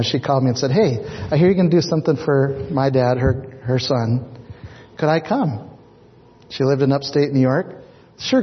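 A middle-aged man, a pastor, telling a personal story in a sermon, animated and acting out the voices of the people he quotes. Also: on the high side, husky. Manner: animated, acts out quoted voices, repeats words. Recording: dull echoey hall recording.

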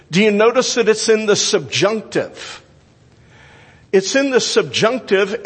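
An older man preaching a sermon, teaching deliberately and emphatically, with grammar asides. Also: high-pitched, husky, long reverb tail.

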